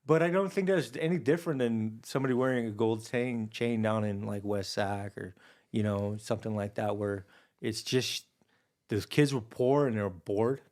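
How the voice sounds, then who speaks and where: A man in his forties from Hawaii, a podcast guest telling stories in a relaxed, rambling way, full of "dude" and "you know.". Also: on the low side, normal speed. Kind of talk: casual storytelling conversation.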